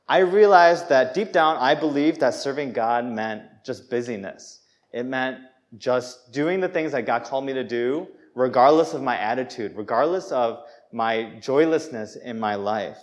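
A man preaching a sermon in a church, candid and self-deprecating, acting out quoted voices and laughing at himself. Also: mid-range voice. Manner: lively, acts out quoted voices.

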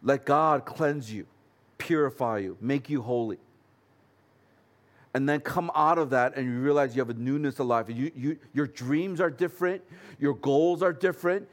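A man's voice: medium pitch, normal speed. A man pastor preaching a sermon in an earnest, conversational way with light humorous asides.

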